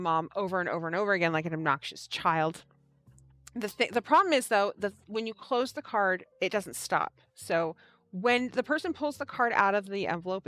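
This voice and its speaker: Woman hosting a knitting stream, animated storyteller, laughs a lot, dry close sound, faint music. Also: mid-range voice, dry recording. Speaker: host of a knitting livestream. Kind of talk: casual livestream chat while knitting.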